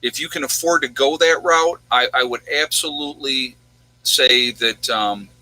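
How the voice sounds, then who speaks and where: A man's voice: medium pitch, a little slow, pushed and bright, low-quality recording. A man hosting a casual livestream, chatting in a rambling way and answering viewers' questions. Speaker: livestream host.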